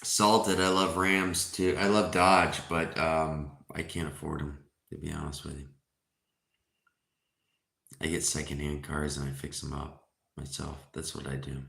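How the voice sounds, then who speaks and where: Deep-voiced man in his forties, chatty. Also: level tone, measured pace, vocal fry, a bit bright. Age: 40s. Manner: joking, chatty, reading chat aloud. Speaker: livestream host. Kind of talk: casual livestream chat. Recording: roomy echo.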